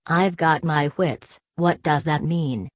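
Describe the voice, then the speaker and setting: A woman's voice: deep voice, slow pace, no echo, studio quality. A woman voicing a sullen, defiant young woman in an audiobook.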